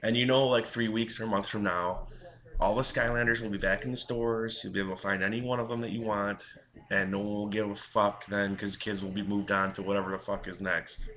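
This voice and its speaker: A man's voice: fairly low pitch, level tone, brisk, pushed and bright. A young adult man ranting on his video blog, exasperated and profane, mocking others in quoted voices. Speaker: vlogger.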